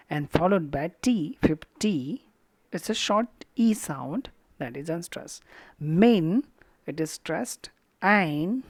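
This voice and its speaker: Slow, low-voiced Indian English teacher. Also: female voice, breathy edge, no echo. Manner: slow, emphatic, sounding out syllables, drops to a whisper on quiet words. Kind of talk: recorded lecture.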